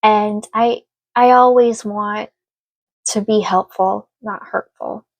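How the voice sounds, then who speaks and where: A woman's voice: mid-range voice, fairly even intonation, slow pace, no echo, muffled recording. A woman giving a casual spoken tarot reading, earnest and emotional, speaking reassuringly to her listener. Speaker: tarot reader.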